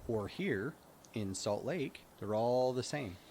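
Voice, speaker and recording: A man's voice: mid-range voice, lively intonation, slow pace, a little mellow, slight background noise. A man co-hosting a podcast, arguing his point emphatically in casual chat. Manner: argumentative, emphatic. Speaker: podcast co-host.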